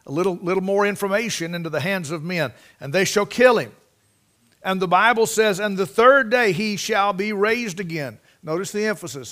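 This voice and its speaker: Male preacher, high voice, folksy storyteller who reads scripture with emphasis. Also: fairly bright tone. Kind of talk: sermon.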